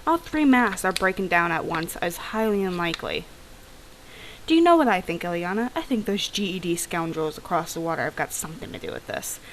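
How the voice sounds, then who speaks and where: Grumpy older engineer, read by a woman; gruff, muttering, old-fashioned complaints, game dialogue. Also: lowish voice, lively intonation, brisk, a little hiss or hum, close to an everyday voice, rough recording. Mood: worried. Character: grumpy older engineer grumbling about gadgets. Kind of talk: reading game dialogue aloud.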